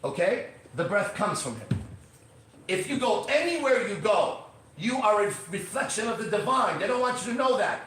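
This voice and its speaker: A man hosting a podcast, ranting with intensity and swearing, swinging between shouts and low murmurs. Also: very animated, normal speed, recorded from a distance, slight background noise. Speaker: podcast host. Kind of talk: fiery motivational podcast rant. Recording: echoey room, voice from off mic.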